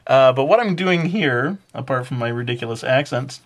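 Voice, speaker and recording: A man's voice: medium pitch, expressive, normal speed. A man teaching a drawing lesson in a casual, hesitant way, with many fillers and joking asides. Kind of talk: casual drawing tutorial narration.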